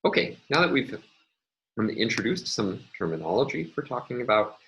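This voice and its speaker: A man's voice: mid-range voice, big pitch swings, normal speed, a bit bright, poor audio. A man giving a recorded linguistics lecture, explaining step by step with frequent ums and uhs as he annotates on screen.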